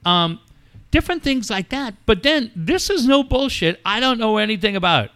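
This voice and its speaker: A middle-aged male radio host telling a story in an animated, swooping voice that runs high for a man. His tone is bright and sharp as he acts out each phone call with quoted voices. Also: normal speed, clean tone. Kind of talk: casual storytelling on air.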